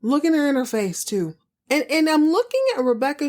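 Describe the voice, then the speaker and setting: Woman host, casual animated recap chat. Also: high-pitched, fairly quick. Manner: chatty, animated retelling with acted quotes and asides. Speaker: podcast host recapping a TV drama.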